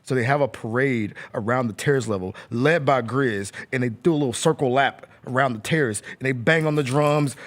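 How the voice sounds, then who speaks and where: A man's voice: mid-range voice, a little fast, few pauses. A man co-hosting a sports talk show in a laid-back, slangy way. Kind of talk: casual chat.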